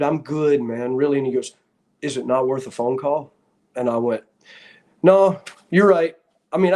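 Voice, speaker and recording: A man's voice: fairly high pitch, darkish tone. An older man, a guest and former referee, casually telling stories in an easygoing way with frequent chuckles. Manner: easygoing, chuckling, peppers talk with "man" and "dude". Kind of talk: casual storytelling.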